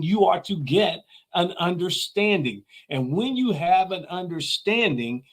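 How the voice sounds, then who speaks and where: A middle-aged man with a slightly high voice delivers an earnest motivational talk. He leans hard on key phrases and repeats them for emphasis, in the manner of a preacher-like teacher. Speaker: motivational speaker, show host.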